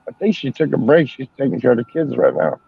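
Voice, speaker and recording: A man's voice: mid-range voice, sing-song, quick pace, creaky, husky. An older man chatting casually as a stream host, telling rambling, profane stories. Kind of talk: casual chat. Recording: dull lo-fi sound.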